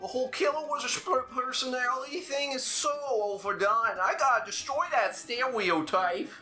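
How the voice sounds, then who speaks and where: A man's voice: very high voice, normal speed, sharp tone, soft background music, voice pushed up, exaggerated voice. A man voicing an unhinged young female killer in a fan dub of a game, stumbling over some words. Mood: manic.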